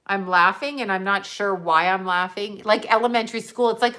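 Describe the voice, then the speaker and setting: A woman's voice: medium pitch, normal speed, few pauses, pushed and bright. An older woman talking casually to her viewers, rambling from one topic to the next, laughing often and swearing freely while she scrolls through photos. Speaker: psychic vlogger.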